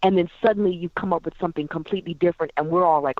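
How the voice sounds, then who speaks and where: A woman's voice: lowish voice, very fast, dry recording, phone-quality sound. A woman guitarist and singer talking as a podcast interview guest, effusive and full of exclamations.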